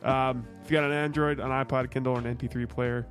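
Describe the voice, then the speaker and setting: A man's voice: medium pitch, flat delivery, fast talker, soft background music. A man co-hosting a podcast in loose, joking banter, swearing freely. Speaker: podcast co-host. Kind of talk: casual chat.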